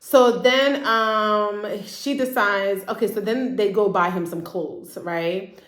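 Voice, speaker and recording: A woman therapist giving a casual, chatty recap of a TV drama, slipping into quick impressions of the characters. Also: medium pitch, a bit bright, reverberant. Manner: chatty, acts out characters' lines in quick asides.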